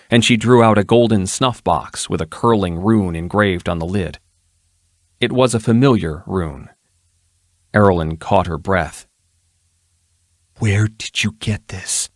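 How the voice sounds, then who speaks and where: A man reading a fantasy novel aloud in a steady, measured narration. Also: low voice, no room sound, studio quality. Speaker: audiobook reader.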